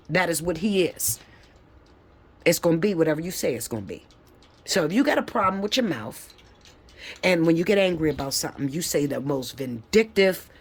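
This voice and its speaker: A woman giving a live tarot reading, lecturing her viewers bluntly and with plenty of swearing. She turns emphatic and leaps up high when she gets fired up. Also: slightly rough. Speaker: tarot reader.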